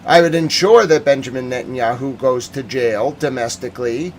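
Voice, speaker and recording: A man's voice: mid-range voice, normal speed, darkish tone, a little hiss or hum. A man hosting a live-stream news recap, ranting with heated emotion and answering viewer chat. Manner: reads viewer chat aloud. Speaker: host.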